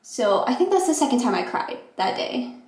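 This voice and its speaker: A young woman telling a rambling, casual storytime vlog about her move-in day, acting out quotes with animated voices. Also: a little high, moderate pace. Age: young adult. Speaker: vlogger. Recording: echoey room.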